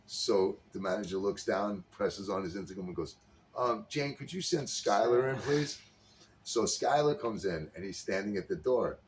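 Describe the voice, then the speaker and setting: A deep-voiced man chats casually, retelling a comedy scene and slipping into each character's voice as he goes. He sounds a little set back from the microphone. A soft hum of background noise sits under his voice. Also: moderate pace. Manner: animated storyteller acting out characters' lines. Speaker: podcast co-host. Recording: slightly distant mic with faint background noise.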